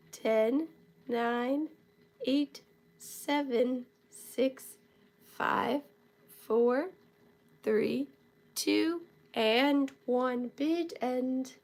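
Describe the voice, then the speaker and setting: A woman hosts a live online sale from home, taking her time and thanking her viewers by name with affection. Her voice sits a little high and has a gravelly, fried edge, and she sounds a bit under the weather. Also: extremely slow, pauses often, darkish tone. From southern United States. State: feeling unwell. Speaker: live-stream auction host. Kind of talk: casual live-stream selling chat. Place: home workspace.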